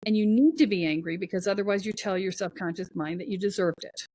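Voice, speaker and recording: A woman at a middle pitch gives blunt, emphatic advice as a podcast guest, often in short punchy commands. Her voice comes across dry and close, with no room sound around it. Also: fast, warm tone, no echo. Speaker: guest spiritual coach. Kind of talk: podcast conversation.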